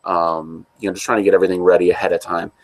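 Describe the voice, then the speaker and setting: A man with a very low, deep voice talks through a casual chat. He co-hosts in an easygoing, rambling manner. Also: little pitch movement, racing. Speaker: co-host.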